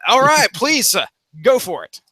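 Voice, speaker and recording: A man's voice: extremely high pitch, sing-song, moderate pace, sharp tone, dry recording. A man hosting a comics podcast, talking in a laid-back, casual way. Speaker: podcast host.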